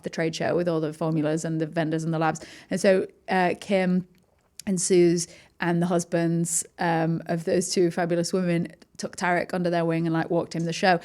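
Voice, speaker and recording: An English woman with a slightly low voice talks as a guest in a relaxed podcast chat. She rambles happily through lists of favourites. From England. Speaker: make-up artist guest. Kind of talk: casual chat.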